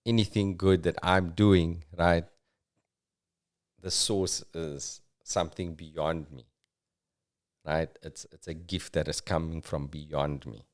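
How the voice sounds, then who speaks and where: Slow, low-voiced South African man. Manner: thoughtful, halting, uses fillers. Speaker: podcast host, comedian. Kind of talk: reflective comic podcast monologue.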